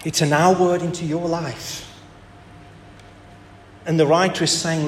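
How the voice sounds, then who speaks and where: Man, preacher, emphatic sermon, rhetorical questions, high voice, echoey hall, long reverb. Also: level tone, a little slow, slight background noise. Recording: echoey hall with faint ambience.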